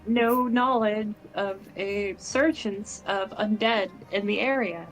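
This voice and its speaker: A woman's voice: mid-range voice, slow, soft background music, rough recording. A woman playing a tabletop game who casually describes what her character does. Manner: chatty, describing her actions. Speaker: player.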